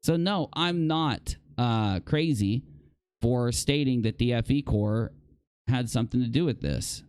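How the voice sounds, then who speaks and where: A man's voice: mid-range voice, measured pace, darkish tone, clean tone, no echo, studio quality. A man hosting a nightly live-stream talk show, reading viewer comments aloud and reacting in an exasperated, incredulous way. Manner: exasperated, incredulous, rambling with sighs and repeated exclamations. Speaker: podcast talk show host.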